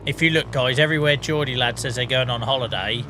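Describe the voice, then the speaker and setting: A man's voice: medium pitch, quick pace, background noise. A man streaming a farming game, joking, swearing and chatting with his viewers. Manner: jokey, swears freely, talks to chat. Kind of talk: casual gameplay commentary.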